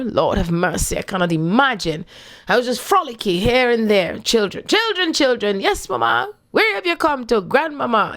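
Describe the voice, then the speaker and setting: A woman from Jamaica with a Jamaican accent, giving a casual spiritual talk and playfully switching between patois and standard English. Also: a little high. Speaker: spiritual speaker.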